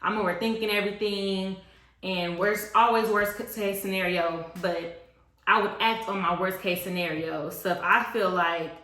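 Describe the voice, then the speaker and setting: A woman's voice: mid-range voice, fairly even intonation, normal speed, pushed and bright. A woman in her twenties co-hosting a casual podcast, frank and reflective as she reads out questions. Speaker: podcast co-host. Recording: echoey room.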